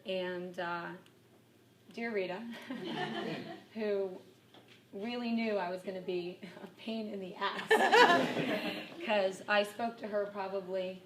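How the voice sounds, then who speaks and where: A woman's voice: medium pitch, takes it slowly, long pauses, noisy background. A woman giving a casual personal testimonial to a workshop group, a chatty storyteller who often laughs at herself. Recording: distant mic with room ambience.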